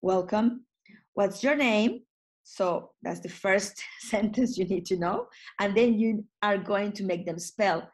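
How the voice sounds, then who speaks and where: A woman trainer runs an online lesson for tourism office staff. Her pitch sits mid-range, and she talks in non-native phrasing with frequent restarts. She breaks into short acted phone exchanges as she teaches. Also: measured pace. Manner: lively teaching, acts out short phone dialogues.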